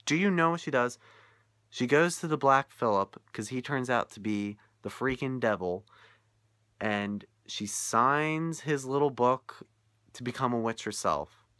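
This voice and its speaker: Incredulous young man, bright, dry. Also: mid-range voice, measured pace, dry recording. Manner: incredulous, animated, laughing often. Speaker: vlogger reviewing a film. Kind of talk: casual rant.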